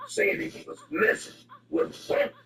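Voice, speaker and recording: High-voiced man on a rambling rant. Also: animated, measured pace, creaky, noisy background. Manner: rambling, digressive, mock-serious. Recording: roomy echo, distant mic, music behind.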